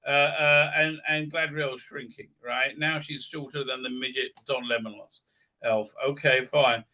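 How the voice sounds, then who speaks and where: A man's voice: medium pitch, fairly even intonation, a little slow, sharp tone. A man hosting a live stream, giving a crude, sarcastic rant with many filler sounds. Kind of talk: ranting pop-culture commentary.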